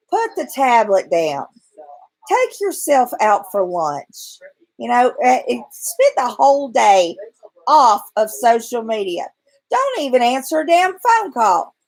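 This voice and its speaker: A woman with a somewhat high voice rants at home in a blunt, exasperated way and swears freely. She talks straight to the camera from bed in the early morning. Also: poor audio. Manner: blunt, profane, exasperated ranting. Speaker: vlogger. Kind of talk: ranting vlog to camera.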